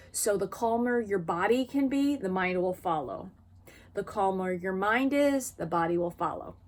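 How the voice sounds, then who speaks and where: A woman vlogger talking frankly and expressively to camera about her own experience, in a casual personal style. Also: medium pitch. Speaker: vlogger sharing lived experience.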